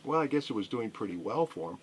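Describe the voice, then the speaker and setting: A man's voice: medium pitch, very animated, fast, slight background noise. A middle-aged man who owns a record store, a radio interview guest telling a rambling story full of fillers and restarts.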